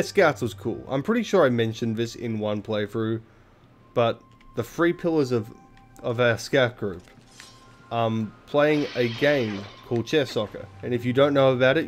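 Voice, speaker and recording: Young Aussie guy, mid-pitched, chatty and self-mocking over gameplay, faint game music underneath. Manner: rambling, self-deprecating, sweary. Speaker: let's play commentator. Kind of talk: casual gameplay commentary.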